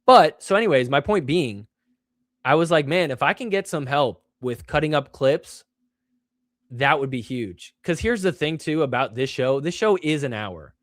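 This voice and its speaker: A man's voice: animated, moderate pace, no room sound, studio quality. A young man hosting a show, talking casually and rambling with many fillers, poking fun at himself. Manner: acts out quoted fans in a higher voice. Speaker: show host. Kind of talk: casual solo chat.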